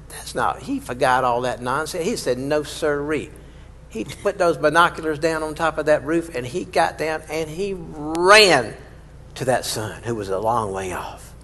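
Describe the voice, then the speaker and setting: Preacher with a long hall echo. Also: male voice, medium pitch, fairly bright tone. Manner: conversational preaching with dramatic emphasis. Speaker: pastor. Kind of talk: sermon. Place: church sanctuary. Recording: long reverb in a large hall.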